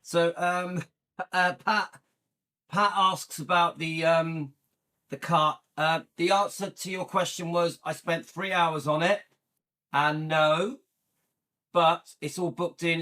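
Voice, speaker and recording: A man talks casually to his viewers, rambling from point to point with lots of ums and uhs. His voice sits high and bright, and he speaks at an unhurried pace. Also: steady tone. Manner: rambling, chatty with frequent fillers. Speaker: channel host. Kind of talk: casual chat to camera.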